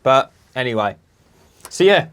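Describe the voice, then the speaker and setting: Man, podcast co-host, animated sweary storyteller. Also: mid-range voice, unhurried, clean tone. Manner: animated, swearing, acts out other people's voices. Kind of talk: casual storytelling.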